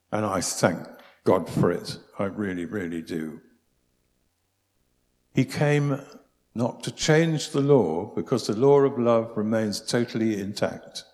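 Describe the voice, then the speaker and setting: A man giving a preaching talk, telling stories in an animated, humorous way. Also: on the low side. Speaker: speaker. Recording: long hall reverb.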